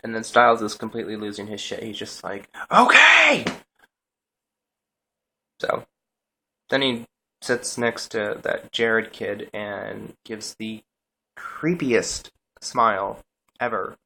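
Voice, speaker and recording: A man's voice: fairly low pitch, flat delivery, a little slow, vocal fry, pushed and bright, slight background noise. A young man casually recapping a TV episode, rambling through scenes with lots of "he's like" retellings. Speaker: TV episode reviewer.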